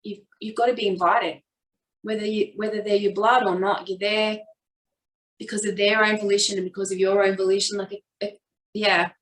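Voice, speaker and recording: A woman's voice: medium pitch, flat delivery. Reflective woman guest, echoey and distant. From Australia. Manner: open, reflective, with quick bursts when retelling. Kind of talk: candid personal storytelling. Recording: echoey room, voice a bit far from the mic.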